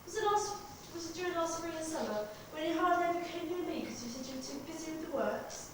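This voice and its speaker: A woman's voice: very high voice, lively intonation, fast, distant mic. A woman rehearsing a stage play, playing an upset young daughter who pleads and accuses emphatically. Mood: accusing. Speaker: amateur stage actor. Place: rehearsal hall. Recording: echoey hall recorded from afar, noisy.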